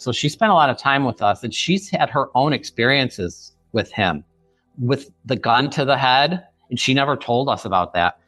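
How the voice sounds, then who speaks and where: A man in his fifties from the Chicago area, telling a family story as a guest on a podcast, earnest and halting. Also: mid-range voice, fairly bright tone, no room sound. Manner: earnest, halting, many restarts. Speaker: author guest. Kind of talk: podcast interview.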